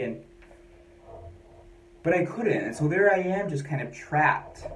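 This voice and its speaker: A man's voice: a little high, lively intonation, takes it slowly, pauses often. A man from the United States telling a personal story in a rambling, candid, self-questioning way. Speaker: vlogger. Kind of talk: personal monologue. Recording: echoey room.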